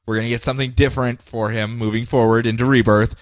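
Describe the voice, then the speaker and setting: Podcast co-host, male, lively and jokey, close dry sound. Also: mid-range voice, fast, dry recording. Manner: animated, jokey, puts on voices while recapping. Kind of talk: casual comic book discussion.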